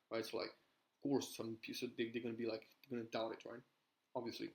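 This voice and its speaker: A man's voice: mid-range voice, completely flat delivery, fast talker, low-quality recording. A young man coaching on sales in a casual, rambling way, tagging points with "right?" and restarting his sentences. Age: young adult. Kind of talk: casual talking-head advice.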